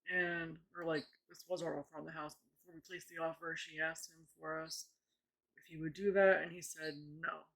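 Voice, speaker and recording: Chatty woman with a gravelly, fried voice. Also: deep voice, little pitch movement, normal speed, a bit bright. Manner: rambling, chatty, with many "like" fillers and restarts. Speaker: vlogger. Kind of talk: casual story-time vlog.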